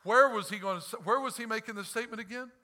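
A man preaching a fervent sermon as pastor, swinging between loud outbursts and hushed asides, acting out quoted lines with bursts of laughter. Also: high voice, fast.

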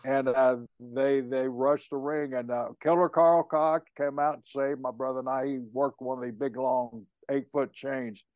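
A man's voice: mid-range voice, steady tone, unhurried, hardly any pauses, no echo. An older man drawls his way through an old wrestling tale, teasing the others as he goes. His voice comes through dull and a bit muffled. The room around him sounds dry and close. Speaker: retired pro wrestler, guest. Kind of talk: casual storytelling chat.

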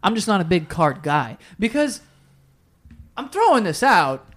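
A young man with a high voice trades jokes on a podcast. His talk is loose and crude, rambling through stories with constant restarts. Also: very animated, a little slow, fairly bright tone. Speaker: podcast co-host. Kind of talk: casual chat.

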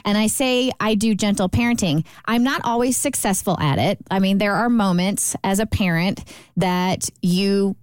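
A woman's voice: mid-range voice, darkish tone, clear, resonant tone, dry recording. A woman co-hosting a talk radio show, explaining her views earnestly and firmly. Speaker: radio co-host. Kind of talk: casual talk radio discussion.

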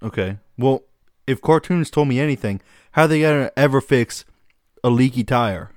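A man's voice: medium pitch, normal speed, darkish tone, dry recording. Man from Arkansas, jokey co-host, mid-range voice, dry close sound. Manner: joking, laughs often. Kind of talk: casual chat.

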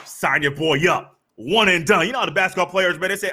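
A young man hosting a sports podcast, talking casually and acting out little scenes with animated swings in pitch and pace. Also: quick pace, few pauses. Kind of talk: casual monologue with storytelling.

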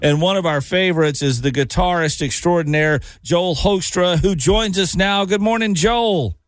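A man's voice: high voice, dry recording. A man hosting a morning radio show, bantering casually and poking fun at himself. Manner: jokey, self-mocking, quick patter. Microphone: studio microphone.

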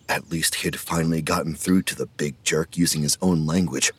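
Deep, husky male audiobook narrator. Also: fairly even intonation, brisk, few pauses, dry recording. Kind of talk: scripted narration.

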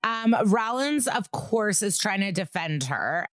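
A woman's voice: medium pitch, animated, takes it slowly, dry recording, studio quality. A woman co-hosting a podcast, recapping a TV episode in a casual, gossipy, sarcastic way with plenty of swearing. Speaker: podcast co-host.

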